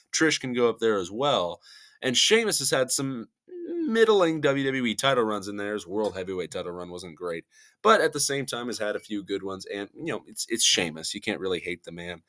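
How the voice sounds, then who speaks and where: A man's voice: fairly low pitch, a bit bright. A young man YouTuber giving casual, rambling commentary and laughing at himself as he goes.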